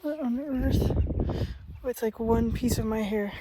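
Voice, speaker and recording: A woman's voice: fairly high pitch, measured pace. Breathless young woman vlogging outdoors. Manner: rambling, chatty, self-deprecating. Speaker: book vlogger. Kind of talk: casual vlog chat. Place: outdoors in grassy countryside. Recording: outdoor phone recording with noise.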